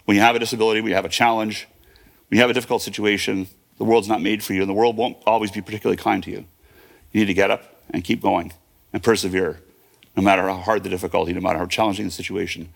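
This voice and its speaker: A man's voice: fairly low pitch, fairly even intonation, racing, vocal fry. A man in his fifties quoting his mother, an emphatic woman calling out to her son. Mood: firm. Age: 50s. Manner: emphatic, insistent.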